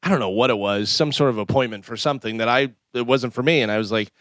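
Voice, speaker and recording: A man co-hosting a radio show, telling animated stories and acting out the exchanges during casual studio banter. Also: medium pitch, fast, dry recording. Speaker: radio co-host.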